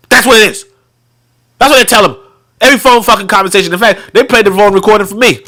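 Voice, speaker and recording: A young man hosting a show, reading from a book and breaking off into excitable, profanity-heavy commentary with frequent laughter. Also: high voice, quick pace. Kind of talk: animated casual commentary.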